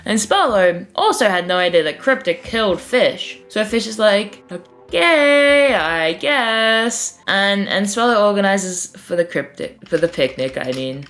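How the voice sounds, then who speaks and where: A woman's voice: mid-range voice, animated, moderate pace, hardly any pauses. A young woman casually recapping a story, rambling, swearing, and dramatic. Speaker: video creator. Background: faint music.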